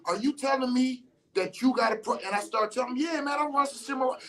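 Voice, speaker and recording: A man with a very high, slightly bright voice talks fast while recounting an encounter. He curses freely, speaks in casual slang, and acts out other people's lines.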